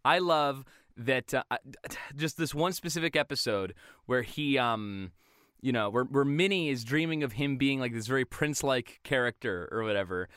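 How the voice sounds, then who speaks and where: A young man chatting casually on a podcast about cartoons, animated and quick to break into loud impressions. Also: mid-range voice, clean tone, dry recording, studio quality.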